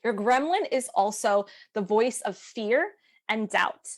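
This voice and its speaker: A woman's voice: fairly high pitch, lively intonation, slow. A woman co-hosting a live online coaching workshop, teaching energetically and often checking in with "right?". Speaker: co-host of a business coaching webinar.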